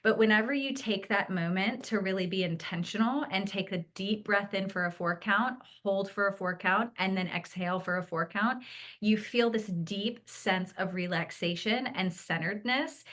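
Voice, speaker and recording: A woman speaking as a podcast guest with a bright, forceful voice. She tells stories with animated enthusiasm, then eases into a calm, soothing delivery when she talks about peace. Her tone is conversational throughout. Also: mid-range voice. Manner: animated storytelling, acts out excited quotes. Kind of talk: conversational interview.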